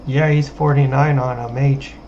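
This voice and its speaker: A man chatting casually with friends during a game, relaxed and quick to laugh. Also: mid-range voice, muffled recording, a little hiss or hum. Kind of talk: casual chat while gaming.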